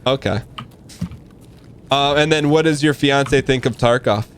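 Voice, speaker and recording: A man's voice: mid-range voice, unhurried, a little hiss or hum. Inquisitive male gaming streamer. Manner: friendly, asks many questions. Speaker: streamer host. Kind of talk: casual gaming chat.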